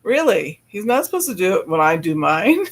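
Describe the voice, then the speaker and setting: High-voiced man chatting on a live stream. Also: sing-song, moderate pace, fairly bright tone. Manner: chatty, laughs often, breaks off to greet viewers in chat. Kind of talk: casual live stream chat.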